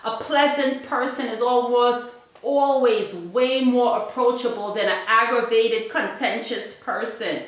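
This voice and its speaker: A woman's voice: a little high, unhurried. A woman giving an emphatic, preachy motivational talk to parents and repeating points for stress. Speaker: family vlogger. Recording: very echoey room.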